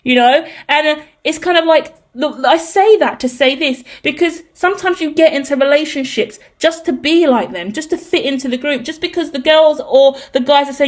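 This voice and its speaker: A woman's voice: high-pitched, normal speed, few pauses. A woman giving a casual tarot reading, talking emphatically with frequent swearing and ranting asides. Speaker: tarot reader.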